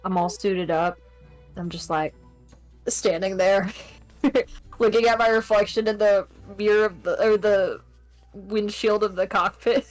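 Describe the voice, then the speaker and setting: A woman chatting casually as a player in a tabletop role-playing game, playful and quick to laugh. Her voice sits at a middle pitch, with faint music behind. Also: fairly even intonation, darkish tone, poor audio. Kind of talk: tabletop role-play chat.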